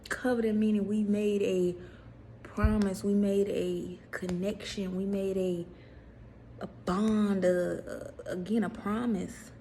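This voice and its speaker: A woman, casually preaching to viewers in a vlog, animated, repeating herself and putting questions to the audience. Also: medium pitch, slow, a little hiss or hum. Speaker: faith vlogger.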